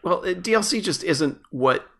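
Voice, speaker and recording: A man hosting a casual video game podcast over a video call, laid-back and quick to laugh, often trailing off. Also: high voice, lively intonation, gravelly, fairly bright tone. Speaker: podcast host. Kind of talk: casual chat. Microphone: remote video call.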